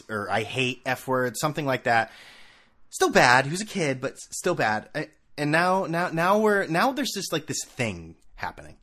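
A man's voice: mid-range voice, a bit bright. A man hosting a sports talk show, ranting sarcastically in a casual monologue full of asides. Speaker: sports podcast host.

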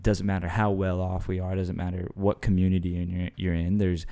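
Man, co-host, low warm voice, earnest and reflective. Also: flat delivery, a little fast. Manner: earnest, reflective, faith talk. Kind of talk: casual chat.

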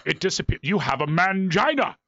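A man's voice: high voice, very animated, brisk, bright, forceful tone, no echo, highs cut off, pitched above the performer's own voice, full character voice. A man putting on an older stage actor, clipped and imperious. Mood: dry, posh. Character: stuffy older English male stage actor, haughty.

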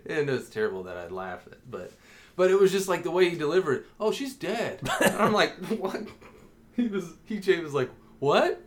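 A man's voice: a little high, moderate pace. A man co-hosting a podcast, telling a story in casual chat and often laughing as he talks. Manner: animated, laughs often while telling stories. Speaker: podcast co-host.

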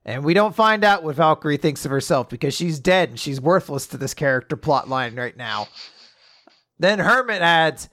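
A man co-hosting a casual podcast, recapping a story and acting out characters' lines in quick put-on voices. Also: a little high, animated, fairly bright tone, no room sound, studio quality. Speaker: podcast co-host recapping manga. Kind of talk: casual chat.

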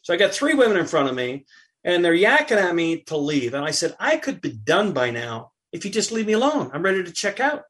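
A middle-aged man, a podcast guest, chatting casually and telling an animated anecdote while acting out what others said. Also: sits high, brisk. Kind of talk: casual chat, storytelling.

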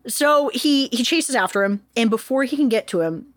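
Brief: young woman podcast host, swearing, lively storyteller, dry close sound. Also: a little high, normal speed, no room sound. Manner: profane, animated, breaks into quoted voices. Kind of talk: casual comedic history storytelling.

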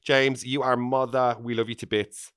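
A man's voice: mid-range voice, level tone, normal speed, a bit bright, smooth, no echo. A man hosting a podcast in casual chat, gushing and exclamatory, full of "amazing" and "oh my God". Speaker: podcast host.

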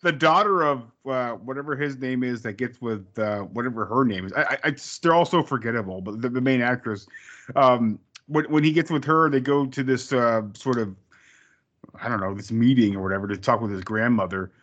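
A man's voice: mid-range voice, fairly quick, a bit bright, highs cut off. A man in casual movie review chat, rambling and profane, often restarting his sentences.

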